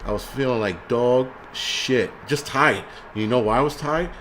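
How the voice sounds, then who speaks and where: A man hosts a livestream, ranting casually with plenty of cursing, restarts and rambling asides. His voice is mid-range and a bit bright, delivered at a measured pace, with a little hiss or hum underneath.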